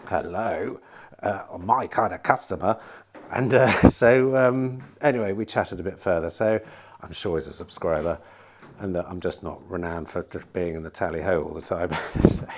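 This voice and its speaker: A middle-aged man, a used car dealer, gives a casual, rambling vlog chat to camera outdoors at a car lot in bright sun, swearing now and then. He has a deep voice and a moderate pace, with slight background noise.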